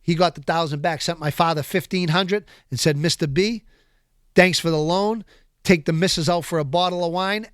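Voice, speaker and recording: A man who is a podcast guest, telling prison stories in an animated, profane, streetwise way in a casual interview. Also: a little high, normal speed, smooth, dry recording, studio quality. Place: podcast studio.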